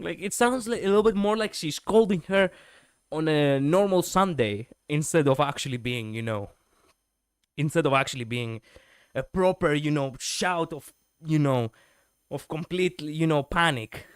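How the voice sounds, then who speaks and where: Rambling, swearing streamer with a smooth voice. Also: male voice, a little high, moderate pace, no room sound, studio quality. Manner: rambling, many fillers, swears freely. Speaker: streamer reviewing lore videos. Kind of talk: casual reaction commentary.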